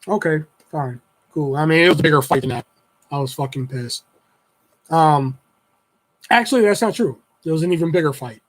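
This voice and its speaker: A man's voice: fairly high pitch, normal speed, long pauses, rough recording. Swearing young man telling a story. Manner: swears freely, rambling retelling with many fillers. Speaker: livestreamer. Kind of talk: casual storytelling to a live chat.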